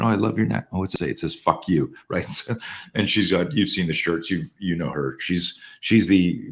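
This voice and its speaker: A man in his sixties with a very low, deep voice tells stories as a podcast guest. His manner is casual, animated and full of swearing. He often doubles back and restarts his phrases. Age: 60s. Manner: profane, animated storyteller with many restarts. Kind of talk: casual storytelling.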